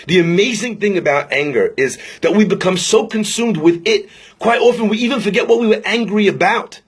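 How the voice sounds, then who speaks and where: A young rabbi tells stories in an inspirational talk. His voice sits high and has a husky grain. He delivers each story with drama and slows down to let the key lines land. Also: expressive. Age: young adult. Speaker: rabbi and speaker.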